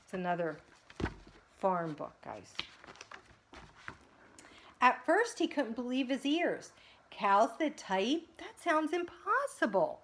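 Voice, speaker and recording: A woman preschool teacher reading picture books aloud to children, animated and sing-song, stopping to talk to the kids between pages. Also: fairly high pitch, takes it slowly, long pauses, a little hiss or hum.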